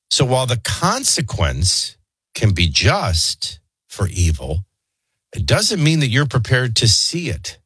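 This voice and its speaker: A man's voice: mid-range voice, a bit bright, breathy edge, no room sound. A man hosting a talk radio show, stuffy and congested, rambling in a wry, conversational way. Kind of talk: casual talk radio chat.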